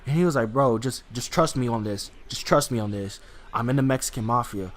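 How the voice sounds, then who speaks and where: A young man tells a story straight to camera, loose and rambling. He swears freely and keeps restarting his sentences, in a voice of middling pitch. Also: a little fast. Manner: rambling, profane, many restarts and fillers. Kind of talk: casual storytime.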